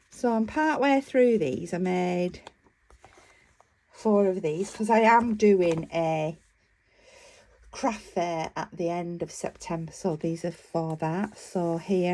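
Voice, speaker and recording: With a fairly low, dark voice, this woman vlogger chats through a show-and-tell of her crafts, rambling eagerly and dropping in plenty of fillers.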